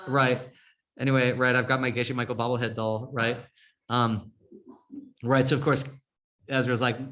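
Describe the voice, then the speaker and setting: A man's voice: mid-range voice, little pitch movement, normal speed, fairly bright tone. A man teaching a yoga and Buddhism class in a casual, chatty way, often checking in with "right?". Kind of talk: informal class talk.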